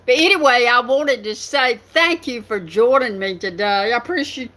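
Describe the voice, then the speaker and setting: A woman's voice: on the high side, normal speed, a bit bright. An older woman with a Southern US accent, hosting her writing channel in a chatty, rambling live stream with lots of fillers. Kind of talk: casual live stream chat.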